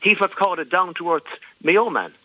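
A man's voice: high voice, lively intonation, normal speed, dry recording, narrow, tinny audio. A man with an Irish accent, a radio guest chatting plainly with hesitant restarts. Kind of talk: casual radio chat.

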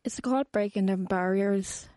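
A woman artist answering radio interview questions from a regional studio, measured and earnest. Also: mid-range voice, mellow, dry recording. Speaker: artist guest.

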